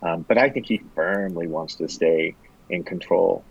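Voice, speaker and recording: A male professor guest with a somewhat low voice. He explains his views thoughtfully, hesitating and using many fillers as he works through his answers. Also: moderate pace, vocal fry, husky, muffled recording. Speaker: political science professor, guest. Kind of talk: interview answers.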